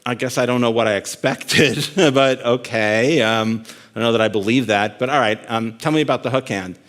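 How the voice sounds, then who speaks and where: A skeptical everyday man at a bar questions each story he's told, voiced by a man in his own natural tone. The voice sits at a middling pitch, with a doubtful, incredulous manner. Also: normal speed, a bit bright, natural voice. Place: conference stage.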